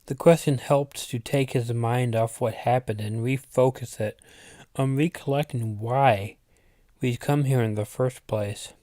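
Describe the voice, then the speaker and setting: A man reading a spooky story aloud as its narrator, in a deliberate manner with the odd aside to his listeners. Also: mid-range voice, steady tone, darkish tone, no echo, clean studio sound. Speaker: channel host reading his own story.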